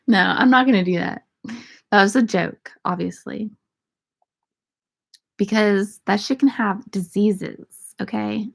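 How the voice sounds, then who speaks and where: Young woman with a gravelly, creaky voice. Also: medium pitch, takes it slowly, pauses often. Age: young adult. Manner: irreverent, profane, laughing banter. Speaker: streamer answering viewer questions. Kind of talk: casual Q&A chat.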